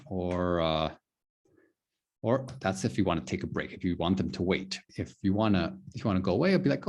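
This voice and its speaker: A low, gravelly male voice with lively ups and downs in pitch. He teaches an English class, going over phrases slowly and patiently and peppering his talk with "okay". His delivery is unscripted and relaxed. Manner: slow, repetitive explaining with many "okay"s. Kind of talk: online English lesson.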